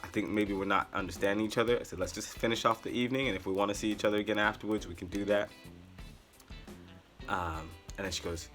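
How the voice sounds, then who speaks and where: A man telling a rambling personal story in a casual, animated way, with sarcastic asides. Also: lowish voice, fast talker, faint music behind. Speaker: vlogger.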